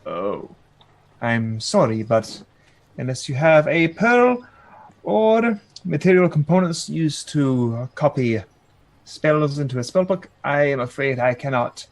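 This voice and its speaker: A chatty older woman wizard who haggles over prices, as a man puts her on. Her voice climbs well above his natural pitch, and she rambles eagerly from one offer to the next. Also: lively intonation, takes it slowly. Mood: bargaining.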